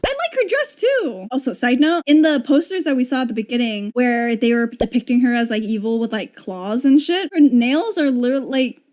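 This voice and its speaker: High-voiced young woman riffing on a film. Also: a little fast, hardly any pauses. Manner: expressive, laughing, swearing. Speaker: video creator. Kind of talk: casual movie commentary.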